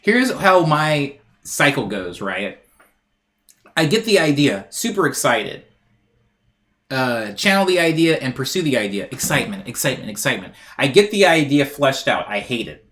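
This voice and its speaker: A man's voice: fairly high pitch, big pitch swings, a little slow, a bit bright. A man chatting casually on a live music stream, rambling and self-deprecating as he reads out chat messages.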